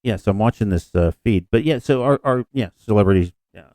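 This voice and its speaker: A man's voice: lowish voice, expressive, a little fast, mellow, dry recording. A man co-hosting a podcast in casual chat, rambling and self-deprecating with frequent restarts. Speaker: podcast co-host.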